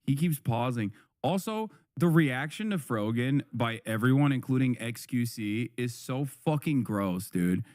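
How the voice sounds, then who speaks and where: A man's voice: mid-range voice, expressive, unhurried, few pauses, a little mellow, no room sound, clean studio sound. A man streaming live, reacting to a video with heated, profane commentary that often repeats and restarts. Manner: angry, profane ranting.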